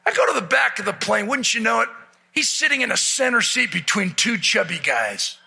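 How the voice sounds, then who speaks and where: High, gravelly male keynote storyteller. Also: fairly quick. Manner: animated, acts out quoted voices. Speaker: motivational speaker. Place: event stage before a live audience.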